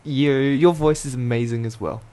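A man's voice: medium pitch, normal speed, dark tone. A young man hosting an online radio show, chatting casually, laughing often and stumbling over his words as he reads out comments. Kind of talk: casual chat, reading out chat comments.

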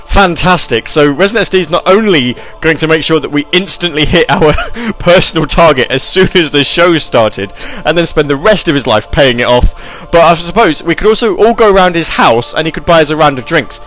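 Man, radio show host, casual rambling chat, slightly high voice, faint background music. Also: a little fast, few pauses. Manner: rambling, animated storytelling, reads chat messages aloud.

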